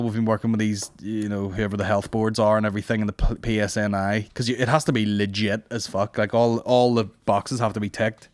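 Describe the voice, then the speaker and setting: A man's voice: lowish voice, dry recording, studio quality. A young man hosting a comedy podcast, rambling and swearing in a casual monologue. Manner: rambling, profane, puts on silly voices.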